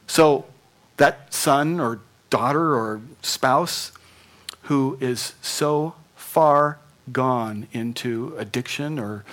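A male pastor giving an animated sermon, laughing often and sinking to near whispers at times. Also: medium pitch.

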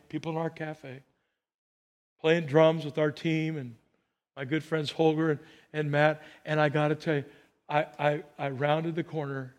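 Male pastor with a high voice, humorous storytelling sermon delivery with animated, chuckling asides.

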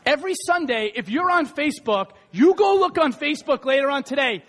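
A man preaching a lively sermon, reading scripture aloud, joking with the congregation and shouting for emphasis. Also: very high-pitched, fairly quick, in a large hall. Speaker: pastor. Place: church sanctuary.

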